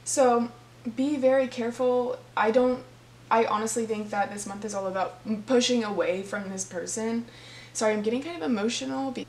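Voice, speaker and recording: A woman's voice: fairly high pitch, moderate pace. Woman tarot reader, heartfelt, earnest, roomy echo, faint hum behind. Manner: heartfelt, earnest, speaks to viewers directly. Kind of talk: tarot reading for viewers. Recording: echoey room with faint hum.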